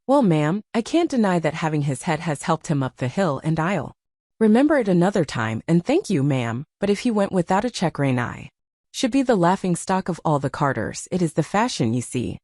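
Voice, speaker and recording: A woman's voice: on the low side, big pitch swings, moderate pace, darkish tone, no room sound, clean studio sound. A woman voicing a plain-spoken working-class male carter in a storybook reading. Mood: grudging. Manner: plain-spoken, apologetic to a lady.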